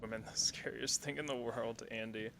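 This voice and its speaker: A man's voice: medium pitch, steady tone, moderate pace, creaky, pushed and bright, a little hiss or hum. A man streaming a horror game, giving casual commentary full of swearing and sarcastic reactions.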